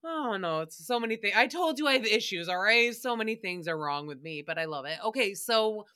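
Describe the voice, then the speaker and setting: A woman's voice: mid-range voice, lively intonation, fairly quick, pushed and bright. A woman hosting a podcast, giving a sassy, giggly comedic recap in a chatty monologue. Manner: sassy, giggly, jumps between voices and rhymes. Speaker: podcast host.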